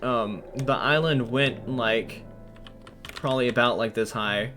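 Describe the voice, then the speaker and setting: A man giving casual gameplay commentary, thinking aloud with lots of ums and sudden excited bursts when an idea strikes. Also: medium pitch, slow pace, faint music behind.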